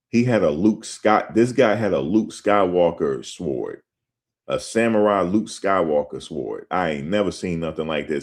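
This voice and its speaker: A man hosting his show, telling a story in a casual, animated way and speaking straight to his listeners. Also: sits low. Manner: animated, conversational, addresses listeners directly as "guys". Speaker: show host. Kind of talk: casual spoken storytelling and commentary.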